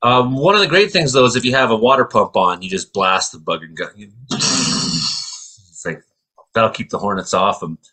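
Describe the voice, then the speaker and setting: A man in casual chat, telling an animated story and acting out quoted voices with high yelps. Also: moderate pace, slightly rough.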